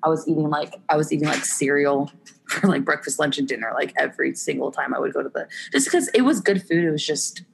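A young woman, an Olympic softball player, chatting candidly as a podcast guest with lots of laughter and filler words. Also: deep voice, quick pace, creaky, breathy edge. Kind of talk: casual podcast chat.

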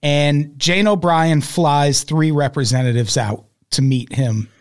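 A man's voice: on the high side, a little slow. A man on a podcast in casual chat, steadily recounting a documentary's story with wry remarks. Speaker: podcast guest.

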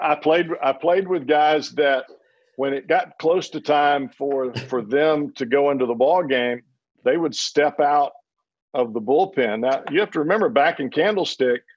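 A man, a former closing pitcher, telling a rambling story on a panel with many restarts and chuckles. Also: dull audio.

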